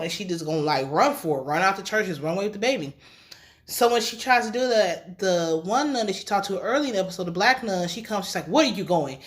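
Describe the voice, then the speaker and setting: A woman recapping a TV episode in a casual, slangy, chatty way, getting animated and emotional as she retells scenes. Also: medium pitch. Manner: casual slangy speech with swearing. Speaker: TV recap reviewer.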